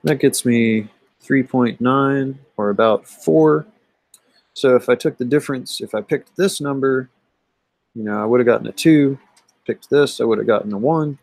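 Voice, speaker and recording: A man teaching math, walking through exam solutions in a conversational way, often pausing with "um" and checking in with "right?". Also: medium pitch, creaky, darkish tone, no room sound, poor audio. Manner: conversational, thinks aloud with many "um" and "right?". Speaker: math instructor. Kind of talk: recorded lecture going over an exam.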